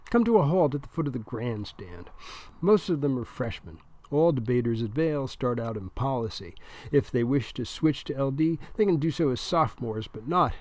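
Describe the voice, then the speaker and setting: A man narrating a comic serialized story in a wry, deadpan way. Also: medium pitch.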